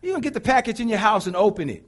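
A pastor preaching with call-and-response, animated and bursting into shouts. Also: male voice, high voice, very fast. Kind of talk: sermon.

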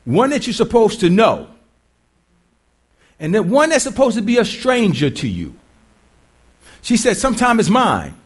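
High, animated male preacher questioning listeners. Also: measured pace, pauses often, husky. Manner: conversational, quizzes the congregation, repeats himself. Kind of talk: sermon.

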